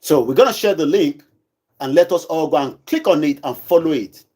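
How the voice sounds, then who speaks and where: A man's voice: a little high, animated, fairly quick, warm tone. A Nigerian man with a Yoruba accent hosting a livestream, mixing English and Yoruba as he urges listeners to act. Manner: switches between English and Yoruba, exhorting. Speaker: online activist show host. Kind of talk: livestream commentary. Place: kitchen at home.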